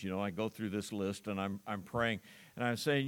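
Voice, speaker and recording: A man's voice: fairly low pitch, steady tone, moderate pace, fairly bright tone, no room sound. An older man preaching a sermon, talking it through in a conversational way with rhetorical questions and read-aloud scripture.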